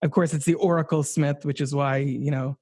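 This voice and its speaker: A man's voice: a little high, fairly even intonation, a little fast, darkish tone, no echo, studio quality. A man chatting animatedly about films on a podcast, swearing casually and restarting his sentences.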